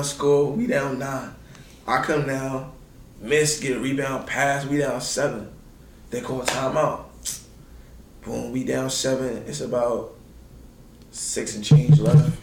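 Slangy man, roomy recording. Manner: animated, acts out quotes with big pitch jumps; laid-back slangy talk. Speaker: former college basketball player telling stories. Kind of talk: casual storytelling. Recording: roomy sound with faint noise.

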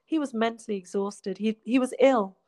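A woman, a guest telling her life story in a heartfelt way, often falling to a soft hush. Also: fairly high pitch, moderate pace, dry recording. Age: 40s. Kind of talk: emotional personal storytelling.

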